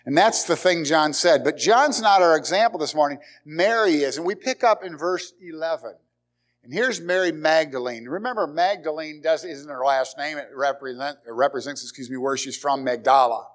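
A pastor preaching a conversational sermon in church, with dramatic pauses and repeated phrases. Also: male voice, a little high. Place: church sanctuary.

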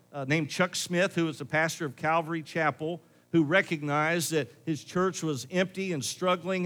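A man's voice: fairly high pitch, a bit bright. A male pastor preaching a sermon in church, building to pleading questions.

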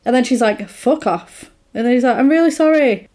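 A woman chatting casually, retelling a film plot and acting out the characters' lines in an animated way. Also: on the high side, fairly quick.

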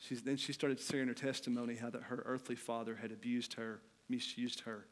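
A middle-aged man preaching a sermon, telling a candid personal story that swings between loud, animated passages and quiet, hushed ones. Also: medium pitch, brisk. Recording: long hall reverb.

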